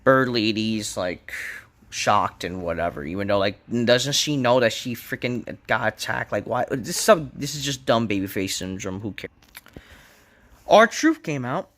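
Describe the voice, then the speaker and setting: A man's voice: on the low side, moderate pace, a bit bright. A man ranting casually about a wrestling show, frustrated, swearing and rambling.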